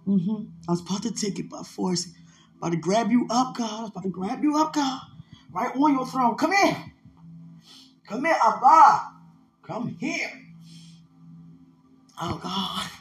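A person praying aloud in ecstatic prayer, emotional and laughing, swinging from loud cries to hushed whispers. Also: mid-range voice, normal speed. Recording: roomy echo with soft music.

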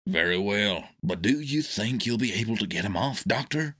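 A loyal, talking bulldog, earnest and pleading, as a man reads him aloud. His voice is husky and close to the reader's own, with a lively pitch. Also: normal speed, exaggerated voice.

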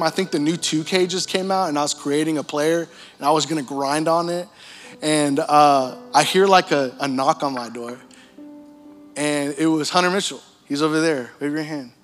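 Lively young male pastor in a hall. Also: fairly high pitch. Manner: animated storytelling, casual slang, laughs often. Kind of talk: sermon testimony. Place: large church hall. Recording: church hall reverb with music.

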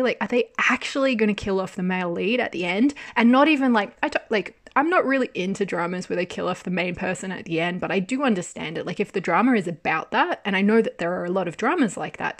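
A woman giving a casual spoken review of a TV drama, animated and exasperated, swearing freely and laughing often. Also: mid-range voice.

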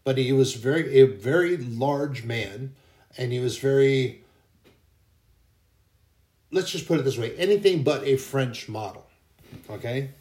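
A man's voice: mid-range voice, animated, a little slow, long pauses, darkish tone, reverberant. A man hosting a casual faith podcast, telling anecdotes in a rambling way that often corrects itself. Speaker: podcast host.

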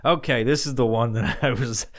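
A man talking alone into a podcast mic, loose and profane, wandering through his answers and chuckling at his own thoughts. His voice sits in an ordinary middle pitch. Relaxed, unscripted chat. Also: moderate pace. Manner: profane, rambling, laughs at himself. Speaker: podcast host. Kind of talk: casual solo podcast chat.

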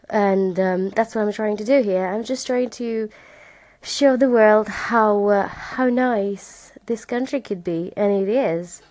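Slow-talking chatty woman host. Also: mid-range voice, darkish tone, no echo. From Romania. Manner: chatty, laughs often, thanks callers. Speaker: podcast host. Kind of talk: casual podcast chat.

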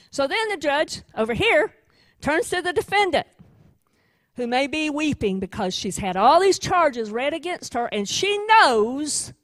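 A woman's voice: on the high side, no echo. A woman preacher telling a courtroom story in a sermon, with dramatic delivery.

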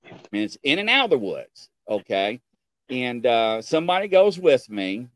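A man's voice: mid-range voice, moderate pace, no echo. A man telling a story in casual chat, acting out dialogue and often checking in with his listeners. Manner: animated, acts out dialogue, keeps checking in with "okay?".

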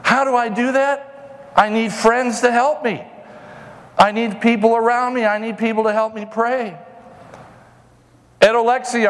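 Slow, high-voiced male pastor preaching. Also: long reverb tail. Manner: preachy and conversational, mocks whiners in a put-on voice. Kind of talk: sermon. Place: church sanctuary.

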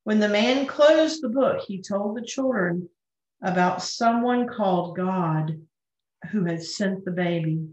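Slow, gentle woman reading a children's story. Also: mid-range voice. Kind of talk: children's story read aloud. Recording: roomy, dull lo-fi recording.

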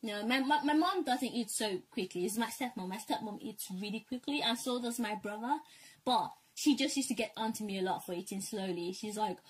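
Young woman co-host, husky voice with slightly high pitch, lively storyteller who mimics her parents. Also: brisk. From African family, raised in Britain. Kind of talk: casual chat.

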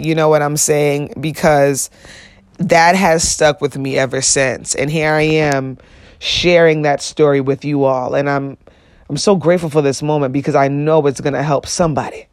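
An earnest young man speaks alone into his podcast mic. His voice sits somewhat high, and the sound is dry and close. He keeps it conversational, full of "you know what I'm saying," and lifts his voice when he drives a point home. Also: steady tone, normal speed, no room sound. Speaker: podcast host. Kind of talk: solo podcast monologue.

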